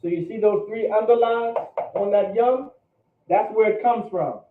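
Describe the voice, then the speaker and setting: Male Hebrew teacher, high voice, far from the mic, thin phone-like sound, patient and repetitive. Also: normal speed. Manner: patient, checks understanding with repeated questions. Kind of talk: classroom teaching. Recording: roomy, distant, phone-like lo-fi.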